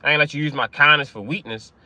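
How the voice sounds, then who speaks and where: A man's voice: on the high side, steady tone, fast, bright, forceful tone, dry recording. A man hosting a commentary channel, talking in loose slang and repeating "you know what I mean" constantly. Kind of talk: casual commentary.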